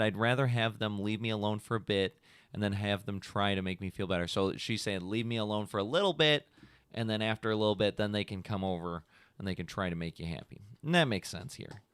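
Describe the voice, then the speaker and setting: A man's voice: fairly low pitch, fairly bright tone, smooth, no echo, studio quality. A man hosting a podcast, chatting casually and rambling a little, with plenty of "like"s and "you know"s, on a podcast microphone. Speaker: podcast host. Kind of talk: casual chat.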